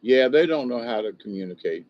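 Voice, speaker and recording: Older male livestream host venting in a rambling, frustrated way, caught on dull, low-fidelity audio. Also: lively intonation, fairly quick. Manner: frustrated, rambling, self-interrupting. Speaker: livestream host reading viewer comments.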